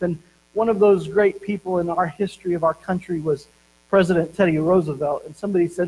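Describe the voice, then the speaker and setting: A man preaching a sermon as pastor, telling stories and slowing down to stress key words. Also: high-pitched, steady tone, darkish tone, a little hiss or hum, low-quality recording.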